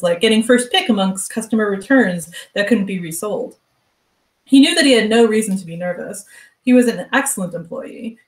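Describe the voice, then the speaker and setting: A woman's voice: mid-range voice, recorded from a distance. Woman reading fiction in an echoey room. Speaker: author reading. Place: virtual book club event.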